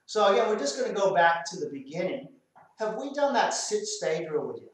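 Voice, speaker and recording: A man's voice: high-pitched, sing-song, a little fast. An Australian man, a dog trainer, explains a drill while giving firm short commands to dogs. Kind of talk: hands-on training demonstration. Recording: very echoey, far from the mic.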